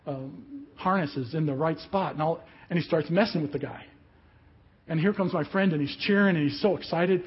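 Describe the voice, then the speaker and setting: A man preaching a sermon as a pastor, telling a story with lively acted-out voices. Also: on the high side, moderate pace, husky, lo-fi sound. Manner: animated storyteller, acts out voices of people in the story.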